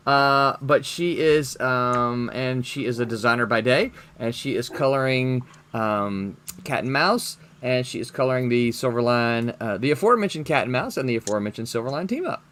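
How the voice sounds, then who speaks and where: A man's voice: mid-range voice, normal speed, few pauses, a bit bright. A man hosting a casual livestream chat over a video call, laughing often and restarting his sentences. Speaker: host.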